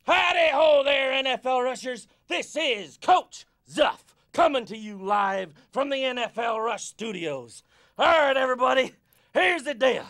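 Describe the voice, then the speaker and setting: Brief: a goofy hyper coach, very high and gravelly, shouting pep talk at kids. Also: male voice, very animated, a little slow, heavily acted. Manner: loud, pep-talking, bossy and playful. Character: goofy hyper adult male sports coach. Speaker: fitness coach. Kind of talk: kids' educational video.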